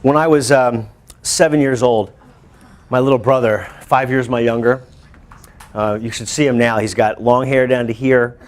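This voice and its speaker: A male teacher telling a lively personal story to his students, breaking into shouts and laughter. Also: medium pitch, moderate pace. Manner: animated, bursts into shouts and laughs while telling. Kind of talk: storytelling to a class.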